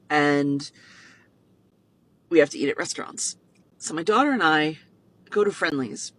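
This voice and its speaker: A middle-aged woman, a mother, telling a personal story in an animated way and acting out the voices in it. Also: fairly low pitch, poor audio. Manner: excitable, acts out voices in her story.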